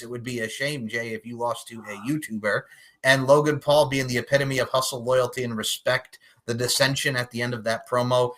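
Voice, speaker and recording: Bright, excitable man hosting a podcast. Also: medium pitch. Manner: excitable, laughs a lot, breaks into shouts. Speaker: podcast host. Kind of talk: casual wrestling podcast chat.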